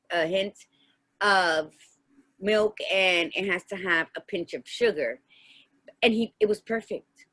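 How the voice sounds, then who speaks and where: A woman with a bright, clear voice co-hosts a relaxed podcast conversation. She tells personal stories with feeling and acts out the dialogue in them. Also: medium pitch. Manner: heartfelt storytelling, acts out dialogue. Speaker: podcast co-host. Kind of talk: casual chat.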